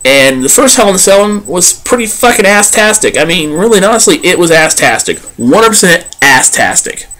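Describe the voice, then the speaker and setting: A man's voice: high voice, very animated, moderate pace, few pauses, pushed and bright. Guy ranting on his vlog, cussing nonstop, voice jumps all over. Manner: profane, heated, blunt. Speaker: vlogger. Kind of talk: ranting commentary.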